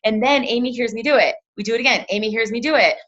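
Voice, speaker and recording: Chatty bright-voiced woman coaching a team. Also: a little high, fast. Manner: chatty, lots of "like", acts out quotes in lively voices. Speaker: team leader training a sales team. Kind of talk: casual coaching talk. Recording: dull lo-fi sound.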